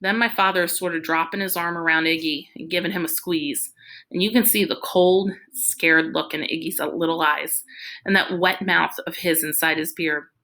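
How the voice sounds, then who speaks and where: Woman reading a novel, first-person narration, bright tone, lowish voice. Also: fairly even intonation, normal speed. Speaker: audiobook reader.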